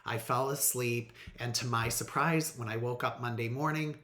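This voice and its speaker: A man casually telling his own story to the camera, earnest and animated, with some fillers. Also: medium pitch, moderate pace. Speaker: vlogger. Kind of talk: casual personal vlog. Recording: roomy echo.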